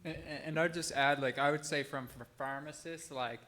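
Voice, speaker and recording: This man has a somewhat high voice for a man. On a conference panel he speaks bluntly in a loose, colloquial way, now and then mimicking other people. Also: steady tone, moderate pace, sharp tone. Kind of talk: casual panel remark.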